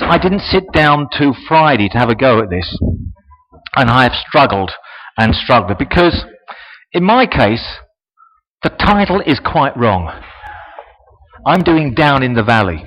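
A man giving a storytelling speech to an audience, animated and chatty, with asides to his listeners. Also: medium pitch, measured pace, long pauses. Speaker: speaker at a presentation. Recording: dull lo-fi recording.

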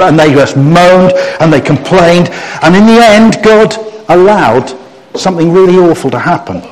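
A middle-aged man preaching a story-based sermon, acting out the people in the story and getting the audience to join in. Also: fairly high pitch. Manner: animated storyteller who acts out quotes and gets the audience to join in. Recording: long reverb of a large hall.

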